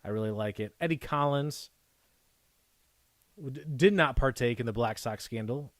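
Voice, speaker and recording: A man's voice: mid-range voice, normal speed, dry recording, studio quality. A man hosting a live card break, chatty and rambling, who gasps and whoops when a good card comes up. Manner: excitable, gasping and whooping at pulls.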